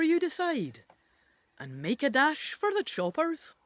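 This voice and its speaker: A woman's voice: high voice, wildly swooping pitch, unhurried, fairly bright tone, no echo. Playful woman reading an adventure gamebook aloud. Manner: playful, chatty asides to the listener. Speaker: reader of an interactive adventure book.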